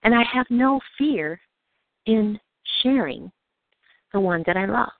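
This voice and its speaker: A woman giving an earnest, measured evening sermon, telling personal stories and slowing down to read scripture. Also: on the high side, lively intonation, creaky, no echo. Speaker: preacher. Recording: dry, phone-like narrow sound.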